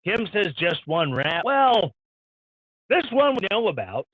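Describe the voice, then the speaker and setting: Brief: high-pitched male live stream host, irreverent ranting commentator. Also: very animated, measured pace, dry recording. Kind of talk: sarcastic news commentary. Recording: dull lo-fi stream audio.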